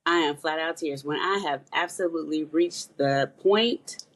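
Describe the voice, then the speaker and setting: A woman's voice: low voice, measured pace. A woman in a casual group chat, speaking openly with laughter and acting out the conversations she describes.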